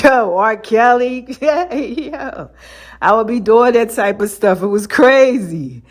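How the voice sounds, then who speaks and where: A woman's voice: medium pitch, a little slow. A woman hosting her own podcast, talking loosely in slang, laughing often and acting out voices as she tells stories. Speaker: podcast host. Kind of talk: casual solo podcast monologue.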